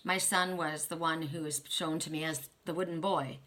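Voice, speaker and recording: Older woman, bright and emotional. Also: sits low, steady tone, normal speed. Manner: rambling, emotional, many restarts. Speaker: oracle card reader. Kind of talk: casual spiritual talk.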